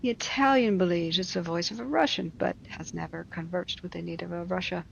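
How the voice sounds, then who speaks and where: A woman reading a classic story aloud, breaking off for wry, mocking asides and quick explanations of old words. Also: fairly low pitch, steady tone, creaky, highs cut off, a little hiss or hum. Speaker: reader.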